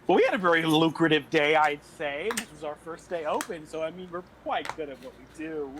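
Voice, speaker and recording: A man's voice: on the high side, a little fast, noisy background, lightly acted. A man playing a genteel, fussy male shopkeeper who talks in an overly polite, refined way. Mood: courteous.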